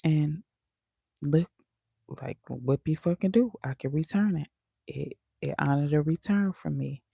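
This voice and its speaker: A woman's voice: deep voice, a little slow, gravelly, dark tone, husky, dry recording. A woman vlogger in casual live-stream chat, talking in a chatty, sassy way with laughing asides.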